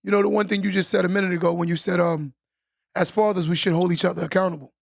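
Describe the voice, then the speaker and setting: Man, podcast guest or co-host: high-ish, very gravelly, dry close sound, earnest and reflective. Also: fairly even intonation, fast talker, no room sound. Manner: earnest, reflective, builds points with rhetorical "right?". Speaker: podcast conversation partner. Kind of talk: casual podcast conversation.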